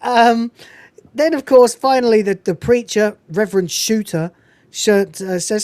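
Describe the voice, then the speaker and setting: Animated, foul-mouthed woman recapping a film. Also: a little high, unhurried, dry recording. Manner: animated, profane, digressive. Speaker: podcast host.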